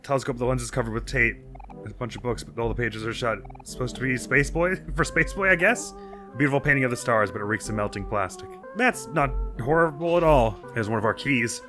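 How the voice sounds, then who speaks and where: A man's voice: medium pitch, a little fast, sharp tone, soft background music. A man commenting casually on a video game as a let's play host, laughing often and reading the game text aloud.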